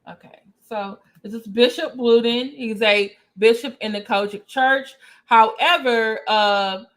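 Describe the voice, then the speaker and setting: A woman hosting a casual reaction commentary, chatting with viewers. Her voice sits a little high. She stops to read definitions aloud. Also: measured pace, fairly bright tone. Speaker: commentary vlogger.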